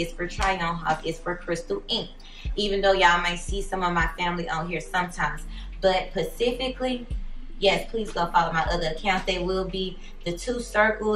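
A woman's voice: fairly low pitch, fairly bright tone, a little hiss or hum. A woman chatting casually to her followers in a sassy, chatty way, calling them honey. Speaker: vlogger. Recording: roomy, from a distance.

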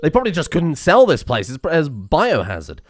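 A man's voice: on the high side, wildly swooping pitch, fairly quick, a little hiss or hum. A young man, joking and sarcastic as he streams a game. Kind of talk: let's-play commentary.

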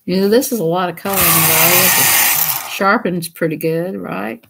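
A woman's voice: lowish voice, steady tone, measured pace, creaky, pauses often, noisy background. A woman who hosts a coloring channel chats casually while she colors. She giggles a lot and keeps slipping into silly voices.

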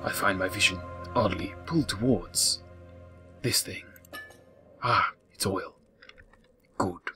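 A man doing comedic game commentary, narrating his own moves in a mock-formal way and dropping into whispered asides. He speaks slowly in a lowish voice. Faint game music plays underneath. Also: bright, forceful tone. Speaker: gaming YouTuber. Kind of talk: comedic let's play commentary.

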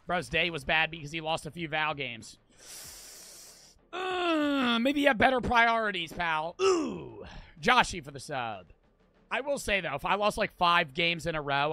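A man's voice: on the high side, lively intonation, normal speed, bright, forceful tone, dry recording. A man live-streaming a game, chatting with his viewers in a profane, ranting way. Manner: profane, ranting, talks to chat. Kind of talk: casual gaming stream chat.

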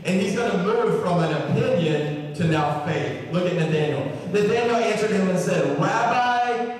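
A man's voice: high voice, moderate pace. A male pastor with a Texan accent preaching a sermon, joking and calling out questions to the congregation. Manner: lively, joking, talks back and forth with the congregation. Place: church sanctuary. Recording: echoey hall from far off.

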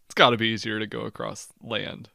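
A man's voice: lowish voice, little pitch movement, a little fast, creaky, bright, forceful tone, no echo, studio quality. A male podcast co-host who chats casually, asks questions and cracks quips, and who also reads the show's promos.

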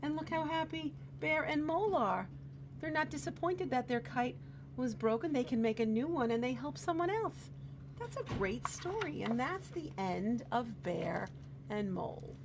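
A woman reading a picture book to children and then explaining a craft, gentle and exclamatory, often asking the children questions. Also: a little high. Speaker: children's librarian. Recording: steady background hum.

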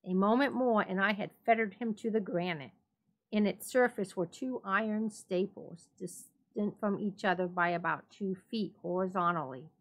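A woman on library staff giving a dramatic reading of a classic horror tale, measured in the narration and quicker when quoting characters. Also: medium pitch, low-quality recording.

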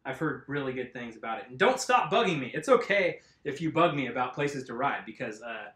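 A man's voice: mid-range voice, big pitch swings, a little fast, a bit bright. A man hosting a casual live stream, chatting and laughing with viewers while he works on a bike tire. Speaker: mountain bike video host. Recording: echoey room.

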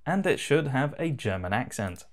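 A man giving a relaxed, casual voice-over as he walks through a software tutorial. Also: medium pitch, normal speed. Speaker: tutorial host.

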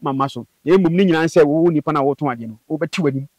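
A man recounting a personal spiritual experience as an interview guest, in animated storytelling that jumps into high bursts. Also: racing, dry recording. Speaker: guest telling his story. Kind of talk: personal testimony in conversation.

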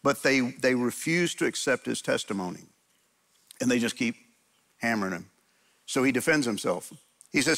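A middle-aged man, a pastor, preaching a conversational sermon in a church, telling stories in a lively way and acting out quotes. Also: mid-range voice, moderate pace, gravelly. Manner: animated storytelling, acts out quotes. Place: church sanctuary.

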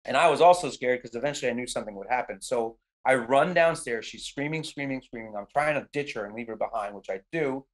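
A middle-aged man with a mid-range voice talks fast, hardly pausing, while casually describing a film shoot on a podcast. He acts out his own lines animatedly and uses "like" often.

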